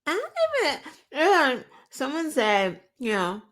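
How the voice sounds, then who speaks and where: Female podcast co-host, unhurried, profane, frequent laughs. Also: sits high, lively intonation, a bit bright. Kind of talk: political commentary chat.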